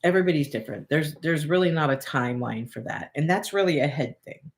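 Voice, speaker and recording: A woman's voice: deep voice, quick pace. A woman co-hosting a relationship talk, telling a personal story in a candid, casual way and repeating phrases as she thinks aloud. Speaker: relationship coach and co-host.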